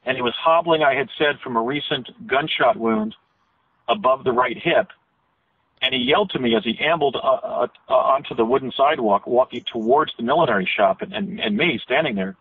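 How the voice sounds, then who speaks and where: Guy on a phone interview, husky voice, tinny dry line, keeps correcting himself. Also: medium pitch, a little fast, no room sound. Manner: detailed storytelling with frequent self-corrections. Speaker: interview guest.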